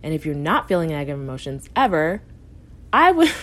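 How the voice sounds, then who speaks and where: A woman's voice: lowish voice, expressive, racing. A woman hosting her own podcast as a life coach, talking directly and encouragingly to listeners with a tough-love edge and frequent laughs. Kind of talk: motivational podcast talk.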